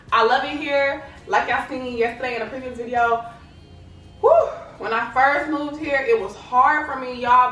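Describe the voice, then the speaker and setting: A woman's voice: high-pitched, a bit bright, slight background noise. Chatty woman in an echoey room. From Lubbock, Texas. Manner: chatty, fills with "like" and "you know what I'm saying". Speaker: vlogger. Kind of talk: casual talk to camera. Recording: echoey room, distant mic, faint ambience.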